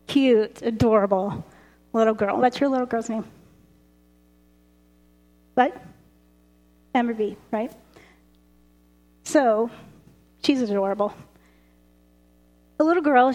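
A woman preaching a lively, chatty sermon, laughing often. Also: high-pitched. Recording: roomy hall reverb.

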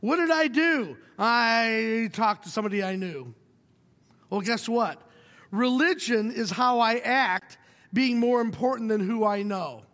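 A middle-aged male pastor preaching a sermon, telling a personal story with wry humor and moving between hushed and emphatic delivery. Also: very high-pitched, unhurried, big-room sound.

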